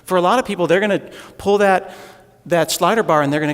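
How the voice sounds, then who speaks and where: A man with a somewhat high voice delivers a humorous tech conference talk, poking fun at himself as he tells stories. His voice rings out with a long reverb in a large hall. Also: fast, smooth. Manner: joking, self-deprecating storyteller. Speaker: conference speaker.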